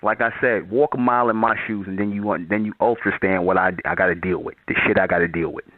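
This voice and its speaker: A man's voice: deep voice, steady tone, quick pace. A man hosting a call-in show, blunt and profane, repeating his points as he lectures a caller. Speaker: channel host taking calls. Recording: tinny phone-like sound.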